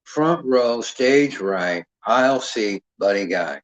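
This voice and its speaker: A man's voice: on the low side, animated, takes it slowly, no room sound. A man talking casually and profanely at length, rambling and ending his sentences with "man". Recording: dull lo-fi dry sound.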